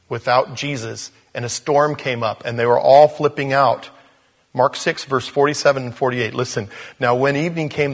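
A man preaching a sermon in a conversational way, growing animated as he reads scripture aloud. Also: medium pitch, husky, big-room sound.

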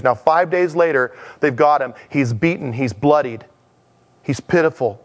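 A man's voice: mid-range voice, normal speed. A man preaching a conversational sermon in a chatty manner, acting out dialogues as he teaches. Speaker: pastor.

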